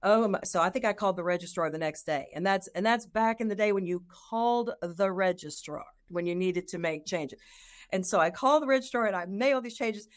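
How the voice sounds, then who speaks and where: A middle-aged woman, a nurse and lactation consultant, telling her career story in an interview, lively and acting out her own past thoughts. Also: medium pitch, fairly quick.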